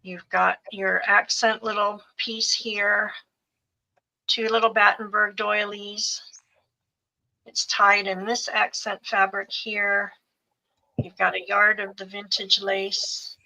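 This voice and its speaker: A woman's voice: mid-range voice, rough recording. A woman co-hosting a live sales show, fondly listing the fabrics and trims in each craft bundle one by one. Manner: gentle, fond, lists items piece by piece. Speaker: co-host showing craft kits for sale.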